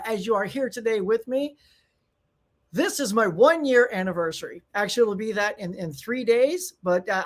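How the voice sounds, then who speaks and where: A man hosting a casual live stream from home, chatting excitedly and greeting viewers by name. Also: high-pitched. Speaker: channel host. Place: home room.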